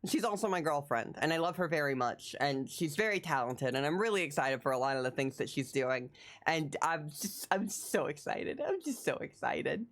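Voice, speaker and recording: Woman livestreamer, excitable and rambling, animated pitch swings, slightly low voice. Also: moderate pace. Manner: excitable, rambling, repeats phrases. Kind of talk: casual live-stream chat.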